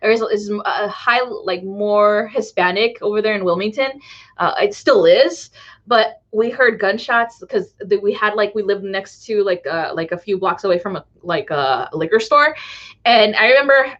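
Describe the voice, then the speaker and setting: A woman from Southern California chats to her live stream audience at a middling pitch. Her stories ramble, and she laughs often and acts out the voices of people she quotes. The audio is a little dull and lo-fi. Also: normal speed, a bit bright. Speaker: spiritual reader hosting a live stream. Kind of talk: casual storytelling to a live chat.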